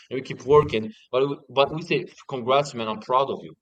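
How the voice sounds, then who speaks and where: Young guy swearing his way thru a story, animated, dry mic, mid pitch. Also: a little fast, few pauses, no room sound, rough recording. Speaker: guest. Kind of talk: casual interview.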